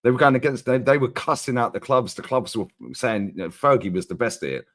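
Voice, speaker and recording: A man co-hosting a casual football chat, ranting in an animated, slangy way. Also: mid-range voice, brisk. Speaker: co-host.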